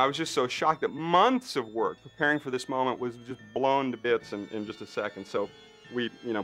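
A man in an interview, a special effects artist telling a behind-the-scenes story with lots of fillers and acted-out voices. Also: fairly low pitch. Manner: animated storyteller, acts out others' lines with lots of fillers. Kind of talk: anecdotal interview.

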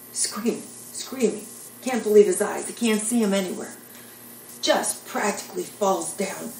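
A woman's voice: on the low side, creaky, darkish tone, reverberant, far from the mic, a little hiss or hum, low-quality recording. An older woman telling jokes and rambling stories in a chatty, self-deprecating way. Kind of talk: casual storytelling monologue.

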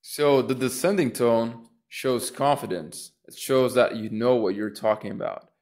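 Guy giving public speaking tips, slow and unhurried, acts out up and down tones on example lines. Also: mid-range voice, a little mellow. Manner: demonstrates rising and falling intonation with example phrases; unhurried, thinking aloud with restarts. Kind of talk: casual instructional talk.

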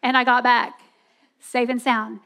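A woman's voice: a little high, level tone, measured pace, vocal fry, fairly bright tone. A woman giving a sermon at a women's church event, earnest and telling a personal story. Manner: earnest, storytelling, acts out voices with laughs.

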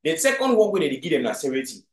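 In an echoey room, a man with a Cameroonian Pidgin accent delivers political video commentary in a slightly high, sing-song voice, rapid-fire. He speaks emphatically, repeatedly putting rhetorical questions to his audience.

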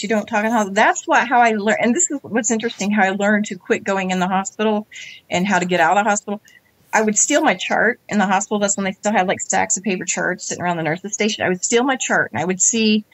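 A woman's voice: mid-range voice, quick pace, no echo. Middle-aged woman telling her story. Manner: animated, acts out quoted dialogue. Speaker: interview guest. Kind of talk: candid conversational storytelling.

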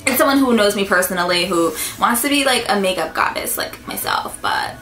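Young woman, beauty vlogger, rambling casual chat, lots of fillers, slightly high voice, roomy echo. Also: very animated, a little slow, pushed and bright. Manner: rambling and repetitive, many fillers. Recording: roomy echo, faint music.

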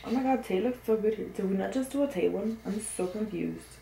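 Excitable young woman, sniffly, echoey room. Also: medium pitch, fairly quick, gravelly. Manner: excitable, gushing, often confused, with sudden squeals and gasps. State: stuffy and sniffling from a cold. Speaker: vlogger unboxing an album. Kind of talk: casual unboxing chat to camera. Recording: echoey room, faint background noise.

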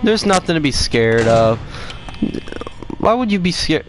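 A young man streaming a game, chatting and yelling excitedly at other players and taunting the game. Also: a little high, a little slow, noisy background. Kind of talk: casual gameplay commentary.

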